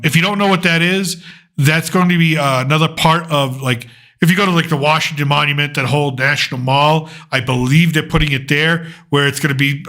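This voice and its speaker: Bright-voiced man rambling through commentary. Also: fairly high pitch. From United States. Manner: rambling, thinks aloud while reading through lists. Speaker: political commentary host. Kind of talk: casual political commentary.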